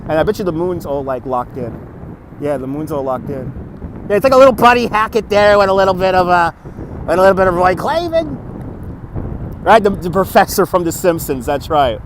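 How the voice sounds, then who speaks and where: A man's voice: high-pitched, expressive, moderate pace, slight background noise, poor audio. A man chatting casually while walking outdoors at night, talking into a phone on a gimbal, laughing often and repeating himself. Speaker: livestream vlogger. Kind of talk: casual walking livestream chat. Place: city streets outdoors at night.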